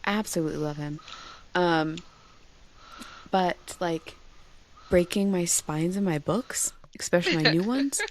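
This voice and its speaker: A woman's voice: lowish voice, unhurried, long pauses, a little hiss or hum. A woman in her forties, a bookstore founder and podcast guest, telling stories animatedly, swearing and acting out quoted dialogue. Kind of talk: casual podcast chat.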